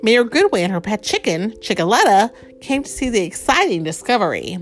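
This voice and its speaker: A woman reading a picture book aloud to a child, gently explaining words and asking questions along the way. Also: mid-range voice, big pitch swings, fairly quick, slight background noise. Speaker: storyteller.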